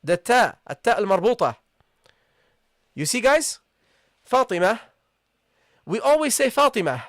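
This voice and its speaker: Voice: medium pitch, big pitch swings, fast, dry recording, clean studio sound. A patient language teacher giving a live online lesson, repeating key points and checking in with the class. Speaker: Arabic teacher.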